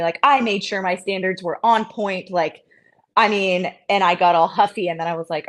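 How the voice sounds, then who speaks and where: Here's a female CrossFit competitor as a guest in an easygoing interview, talking at a medium speed. Her energy is high, she teases herself, and quoted lines come out in a higher voice.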